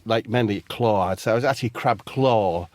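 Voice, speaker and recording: A man, a comedy podcast co-host, telling a rambling comic story in a deadpan way and swearing casually. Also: on the low side, normal speed, no room sound.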